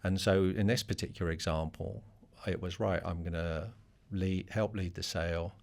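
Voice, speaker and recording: A middle-aged business leader being interviewed on a podcast. His voice sits very low, with a rough, gravelly edge. He talks straightforwardly, with fillers and restarts. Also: steady tone, moderate pace. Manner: straightforward, conversational with many fillers.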